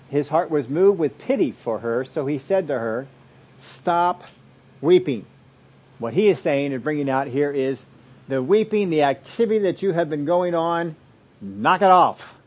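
Man, pastor, expository sermon, fairly high voice, loud stresses and quiet asides. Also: breathy edge. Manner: expository preaching, swings from loud emphasis to soft asides.

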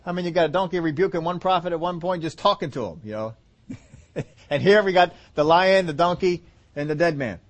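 A man's voice: a little high, brisk. A man preaching a sermon, joking and acting out the story in voices. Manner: humorous, acts out scenes in voices, laughs often.

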